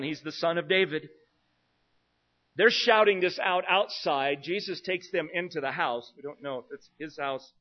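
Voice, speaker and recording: In a dull, lo-fi recording, an earnest male preacher delivers an expository sermon, going through a text verse by verse. His fairly high voice climbs for emphasis, then drops low and quiet.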